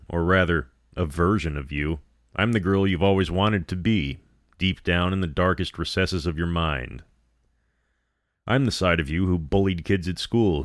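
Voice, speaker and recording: A cruel young woman who is the heroine's evil double gloats and sneers in a deep, low register, as a male narrator puts her on. The delivery is dry and close, with no room sound around it. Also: no echo. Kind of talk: horror story reading.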